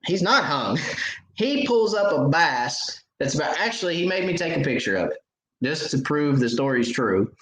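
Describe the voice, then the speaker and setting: A man's voice: on the high side, expressive, normal speed, fairly bright tone, reverberant, low-quality recording. A man hosting a fishing show, telling stories and answering viewer questions in a casual live chat, laughing at his own stories. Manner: chatty storyteller, laughs at own stories, many restarts.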